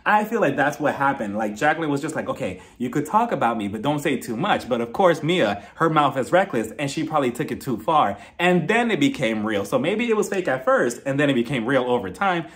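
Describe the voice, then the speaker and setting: A young man talking through a reality TV episode in a lively, gossipy way, his pitch swinging up and down. He laughs often and acts out quotes as he goes. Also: a little fast, hardly any pauses. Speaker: reality TV reviewer. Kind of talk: casual commentary vlog.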